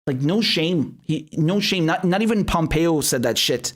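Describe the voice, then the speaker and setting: A man's voice: fairly high pitch, expressive, moderate pace. A man hosting a live stream, commenting bluntly with heavy swearing and many restarts, then reading viewer chats. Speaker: show host.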